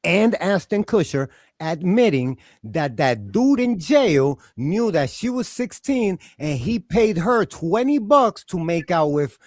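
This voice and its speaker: A young man hosting a casual reaction panel, talking in a loud, excitable and profane way. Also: high voice, takes it slowly, hardly any pauses, no room sound, clean studio sound. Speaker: panel host.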